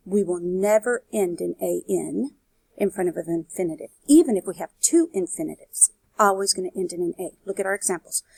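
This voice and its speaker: A woman teaching Spanish in a recorded video lesson. Her voice has a gravelly, husky grain, and the recording is close and dry. She explains step by step and keeps checking in with her students. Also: medium pitch, mellow, no echo.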